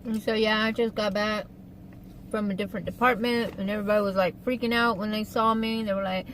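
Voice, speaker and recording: A woman's voice: medium pitch, steady tone, moderate pace, long pauses, a little hiss or hum, low-quality recording. A woman chatting casually in her car on an eating-show vlog, rambling along with fillers and asides. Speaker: vlogger. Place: inside a parked car.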